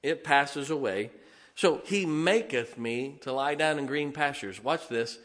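A man in his forties preaching a folksy, humorous sermon, swinging between loud emphasis and soft asides. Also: medium pitch, unhurried. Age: 40s. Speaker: pastor.

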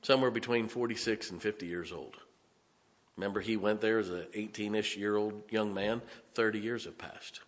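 A man preaching a sermon, animated and conversational, with dramatic emphasis and asides. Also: on the low side, moderate pace, big-room sound.

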